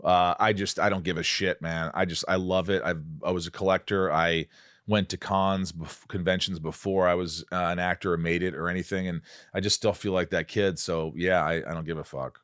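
A man with a very low, deep voice hosts a casual chat, blunt and excitable, swearing his way through stories. The sound is dry and close, with no room around it. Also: a little fast, smooth, dry recording. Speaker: podcast host.

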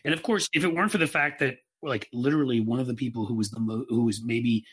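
A man's voice: medium pitch, fast, slightly rough. A man co-hosting a casual political talk show, opinionated and emphatic. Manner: opinionated, emphatic, swears for punch. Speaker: podcast co-host.

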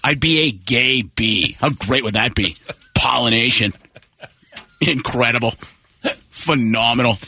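A man's voice: mid-range voice, unhurried, long pauses, sharp tone, a little hiss or hum, pitched below the performer's own voice. A man doing an impression of a boastful politician, piling up grand superlatives. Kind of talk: impression bit on a radio talk show.

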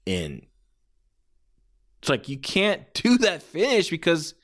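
A man's voice: fairly high pitch, huge pitch swings, slow pace. A man giving a casual, rambling spoken review of a wrestling match. He swears freely and often restarts his sentences.

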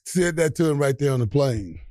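Man, 60s, guest storyteller; middle pitch, dry close sound, profane and animated. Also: moderate pace, no room sound. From Atlanta, Georgia, US. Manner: animated, profane, laughing as he acts out quotes. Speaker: guest, retired football player. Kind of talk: casual storytelling.

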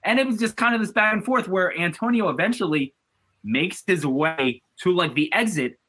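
A man guesting on a sports podcast, chatting casually. His voice is bright and forceful. He tells stories animatedly, with frequent restarts and fillers. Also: sits high, moderate pace.

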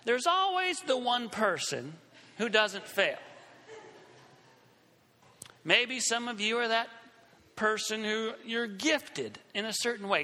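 A man's voice: high-pitched, sharp tone, big-room sound. A man preaching a sermon, telling a story and acting out the scenes with shifting voices.

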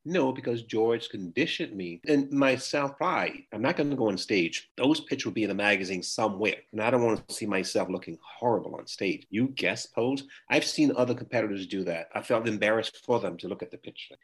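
An older man, an interview guest, telling animated stories about his past and acting out other people's lines. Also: fairly low pitch, brisk, few pauses, breathy edge. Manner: animated storyteller, acts out quoted voices. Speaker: interview guest, retired bodybuilder. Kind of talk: storytelling interview answers.

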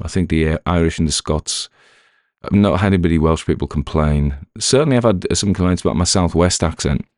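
A man with a Northern English accent talks loosely to his podcast listeners in a very deep, low voice. He rambles and jokes at his own expense, full of ums and restarts. The recording is dry and close, with no room sound. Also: darkish tone, no room sound. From Northern England. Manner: rambling, self-deprecating, many fillers and restarts. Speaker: podcast narrator and writer. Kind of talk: rambling casual talk to listeners.

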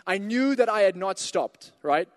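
High-voiced man preaching with a story. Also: lively intonation, measured pace, long reverb tail. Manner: storytelling, builds to emphatic exhortations. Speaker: pastor. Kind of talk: sermon with a personal story.

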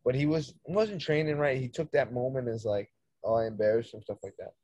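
Low husky guy, coach spinning a yarn, swears a lot, dry close sound. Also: fairly quick, dry recording, dull audio. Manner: animated storyteller, swears freely, acts out dialogue. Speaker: soccer coach, podcast guest. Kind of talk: casual storytelling chat.

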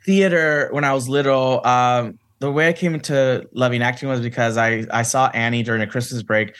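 A man's voice: mid-range voice, fairly even intonation, brisk, fairly bright tone, clear, resonant tone. A man from Santa Ana, California, a guest actor telling stories in a chatty interview, full of "like" and "you know.". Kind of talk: casual storytelling interview.

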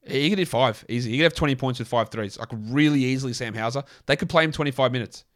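A man's voice: medium pitch, quick pace, fairly bright tone. Australian male podcast host, mid-range voice, blunt and rambling, casual and profane. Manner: blunt and chatty, swears freely, rambles. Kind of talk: casual fantasy sports podcast talk.

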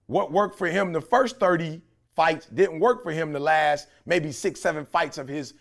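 A man's voice: fairly high pitch, normal speed, creaky. A middle-aged man from Detroit, a podcast co-host talking in a passionate, preachy way. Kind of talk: casual podcast chat.

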